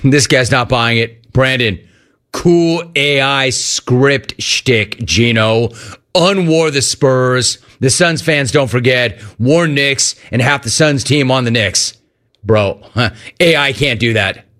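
A man hosting sports talk radio, reading listener messages in an animated, quick delivery. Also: medium pitch.

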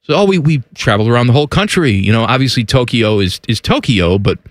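A man co-hosting a casual talk show, animated, often laughing and exclaiming. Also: mid-range voice, quick pace, no room sound, clean studio sound. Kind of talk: casual chat.

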